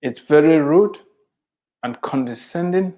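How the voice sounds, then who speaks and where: Slow, emphatic man. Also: fairly high pitch, mellow. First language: Mundani. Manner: emphatic, preachy, repeats key points. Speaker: author giving advice to immigrants. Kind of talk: earnest motivational talk.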